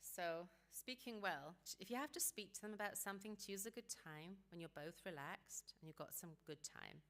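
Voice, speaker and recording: A woman giving a seminar talk on parenting teenagers, calm and practical, sometimes acting out what parents and teens might say. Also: mid-range voice, moderate pace. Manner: calm, practical advice, acts out quoted dialogue.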